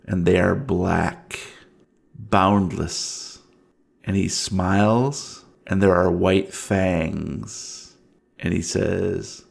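A man narrating a tabletop horror game as game master, in slow, measured narration. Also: deep voice, fairly even intonation, gravelly.

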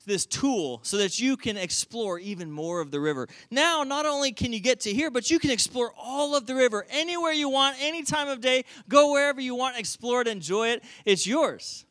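A man's voice: sits high, expressive, normal speed, few pauses, no room sound. A man as a proud, tender father. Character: proud, loving father speaking to his son.

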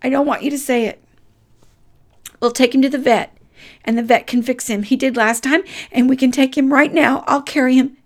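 A woman voicing her distraught ten-year-old self, sobbing and pleading in a high voice. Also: fairly even intonation, moderate pace, close to an everyday voice.

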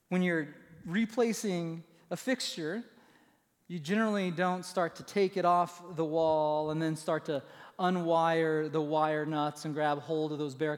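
A man preaching a sermon as pastor, conversational and often checking in with the congregation with quick asides. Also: fairly high pitch, in a large hall. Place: church sanctuary.

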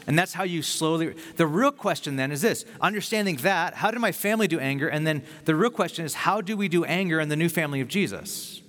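A man's voice: on the high side, lively intonation, a bit bright. Earnest preaching man in a reverberant hall. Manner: earnest, conversational preaching with quick acted-out asides. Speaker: pastor. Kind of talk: sermon.

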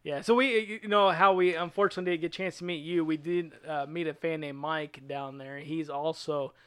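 A man's voice: a little high, fairly quick, clean tone, no echo, clean studio sound. A man co-hosting a podcast, chatting casually about racing and laughing often. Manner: laughs often, joking and animated. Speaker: podcast co-host. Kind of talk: casual chat.

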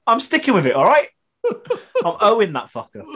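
A man's voice: high-pitched, huge pitch swings, measured pace, bright, forceful tone, husky. A man co-hosting a podcast, chatting casually about his week, laughing easily and sounding worn out. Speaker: podcast co-host. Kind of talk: casual chat.

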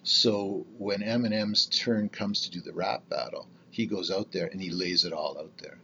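A man's voice: low-pitched, normal speed, vocal fry, bright, forceful tone, muffled recording, slight background noise. A man about to turn sixty from Canada, hosting his own podcast in a candid, rambling monologue full of fillers and restarts. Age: 50s. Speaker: podcast host. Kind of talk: casual solo podcast monologue.

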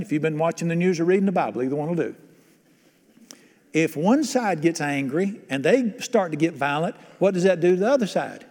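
Higher-voiced pastor preaching in a hall. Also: male voice, darkish tone. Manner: conversational, quizzes the congregation. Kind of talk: sermon.

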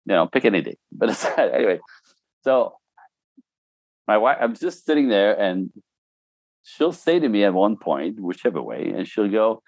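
A man's voice: lowish voice, very animated, normal speed, pauses often, darkish tone, dry recording. A middle-aged man talking casually and telling stories, laughing often and mimicking other voices. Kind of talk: casual podcast chat.

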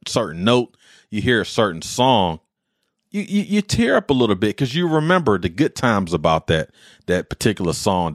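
A man's voice: lowish voice, no room sound, clean studio sound. A man in his forties, a podcast host, telling personal stories in a rambling, heartfelt way with military slang. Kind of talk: casual monologue.

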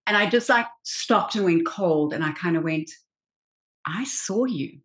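A woman in her forties, an actress guest telling an animated story with quick restarts in a casual interview. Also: fairly low pitch. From South Africa.

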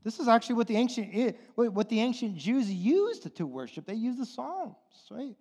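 Male pastor, high voice, fiery sermon, long reverb of a church hall. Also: sing-song, normal speed, slightly rough. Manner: impassioned, swings from hushed to near-shouting.

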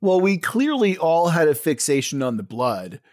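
A man's voice: a little high, very animated, moderate pace, a little mellow. A man brainstorming a game setting in casual chat, enthusiastic and full of fillers, swearing now and then.

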